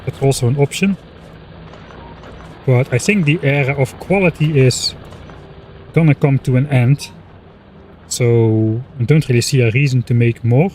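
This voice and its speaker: A man streaming a game and thinking aloud in a casual, relaxed way, often pausing with filler words. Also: mid-range voice, slight background noise. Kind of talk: casual gameplay commentary.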